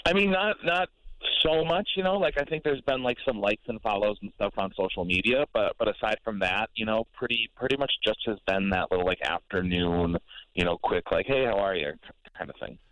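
A man's voice: lowish voice, fairly quick, no echo, highs cut off. A young man calling in to a radio show, talking in a hesitant, rambling way full of fillers. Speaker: caller. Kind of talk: casual radio call.

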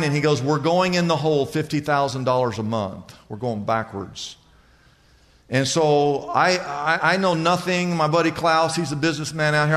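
A man preaching a sermon as pastor, telling a story with lively delivery and acting out the people he quotes. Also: fairly high pitch, long reverb tail. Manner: animated storytelling, voicing other people in anecdotes.

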